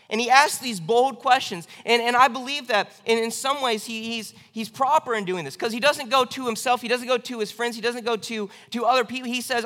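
A man preaches in a high, bright voice with earnest emphasis. His words ring through a large church with a long reverb. He pushes his voice louder on key lines. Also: normal speed, hardly any pauses. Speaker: pastor. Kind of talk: sermon. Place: church sanctuary.

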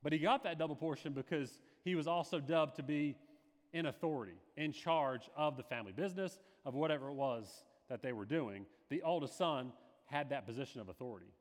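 Male pastor, sermon delivery, slightly higher voice, long hall echo; dramatic, acts out quotes. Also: a little fast.

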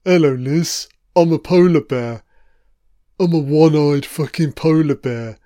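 Brief: man voicing a crude one-eyed polar bear, slow and dry. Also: fairly high pitch, warm tone, dry recording, lightly acted. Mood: mocking. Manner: blunt, sweary, mocking.

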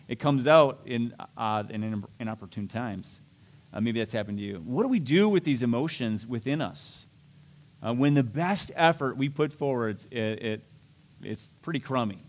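A middle-aged man preaching a sermon as a pastor, conversational and self-deprecating, with restarts and asides. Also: mid-range voice.

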